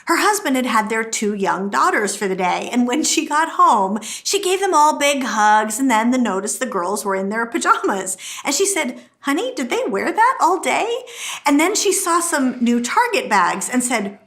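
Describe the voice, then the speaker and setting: Middle-aged woman teaching, bit high voice, acts out little quotes as she tells stories. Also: normal speed, hardly any pauses. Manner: lively storytelling, acts out quotes. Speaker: marriage course teacher. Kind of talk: teaching talk to camera.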